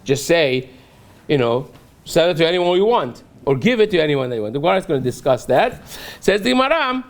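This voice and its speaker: A man's voice: on the high side, very animated, brisk. A man, a rabbi teaching a daily Talmud class, who reads a phrase aloud, then explains it step by step and keeps checking in with a rhetorical "right?".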